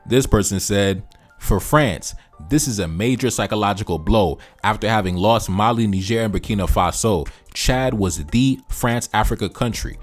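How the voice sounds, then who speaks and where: Deep-voiced blunt male commentator. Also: normal speed, soft background music. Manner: blunt, laid-back, swears freely. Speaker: commentator and channel host. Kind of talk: casual reaction commentary.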